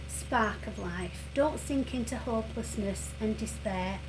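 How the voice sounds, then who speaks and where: A woman giving a tarot reading who speaks gently and earnestly, with many pauses and fillers, and who sounds emotional and close to tears. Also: fairly high pitch, background noise. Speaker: tarot reader. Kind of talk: reassuring tarot reading to viewers.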